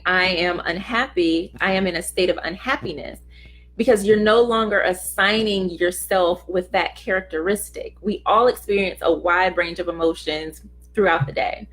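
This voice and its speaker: Earnest and conversational, this middle-aged host of a casual motivational talk has a fairly low, slightly bright voice. Now and then she performs brief quoted lines in little voices.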